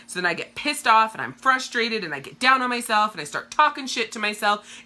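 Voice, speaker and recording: A woman's voice: fairly high pitch, expressive, a little fast, few pauses, bright, forceful tone. A woman coach talking bluntly and profanely in a casual live-stream monologue to her viewers. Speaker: direct sales coach.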